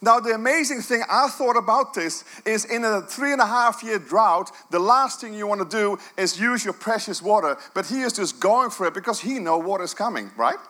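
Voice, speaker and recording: A middle-aged man preaching a sermon, telling the story with animation and swinging from quiet, hushed lines to loud outbursts. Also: sits high, lively intonation, normal speed, few pauses, faint music behind.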